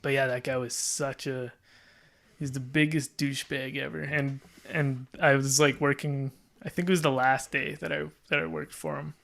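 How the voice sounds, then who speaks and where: A man's voice: medium pitch, steady tone, moderate pace, gravelly, fairly bright tone. A man casually telling a long story as a podcast guest, rambling with lots of "like" and restarts and laughing as he goes.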